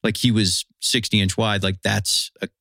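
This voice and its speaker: A man's voice: on the low side, flat delivery, normal speed, creaky, bright, forceful tone, no echo, clean studio sound. A man telling a long hunting story in casual chat, rambling and full of fillers.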